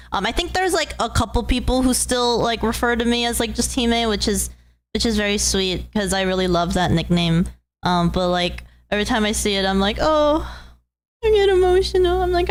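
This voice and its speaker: A woman streaming and chatting casually with her audience. Her voice sits a little high, and she talks in a fond, doting way. Her speech rambles warmly from one thought to the next. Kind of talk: casual chat with viewers.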